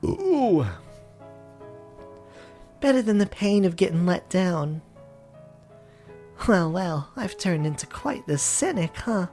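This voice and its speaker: A man's voice: high-pitched, expressive, takes it slowly, pauses often, a little mellow, soft background music, heavily acted. A man voicing a headstrong, cynical young woman in a visual novel reading, brusque and teasing. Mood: wry.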